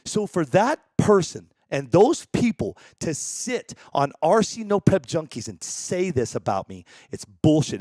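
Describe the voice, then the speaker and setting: A man hosting a live-stream studio show, launching into a profane, heated rant. His pitch sits a touch high and leaps around a lot. The sound is close and dry. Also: very animated, measured pace, few pauses, a little mellow, no echo. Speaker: show host.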